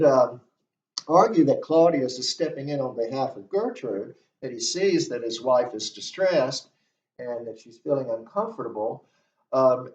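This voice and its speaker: A male literature instructor giving a lecture, explaining a play at a deliberate pace and walking through the text line by line. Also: medium pitch, darkish tone. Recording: dull, distant, roomy recording.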